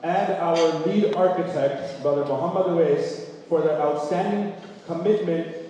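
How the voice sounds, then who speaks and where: A man's voice: a little high, normal speed, warm tone, slight background noise. A man from Canada hosting a gala, chatty and self-deprecating, with many asides. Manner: chatty, self-deprecating, frequent "you know". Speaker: gala emcee. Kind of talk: event hosting with personal anecdotes. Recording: echoey banquet hall, distant mic.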